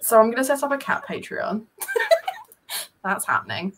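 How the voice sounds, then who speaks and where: Woman, fairly high voice, chatty, laughs often, home mic, faint hiss. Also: moderate pace. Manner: laughs often, chatty and animated about her cat. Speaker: podcast host. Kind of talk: casual chat over video call.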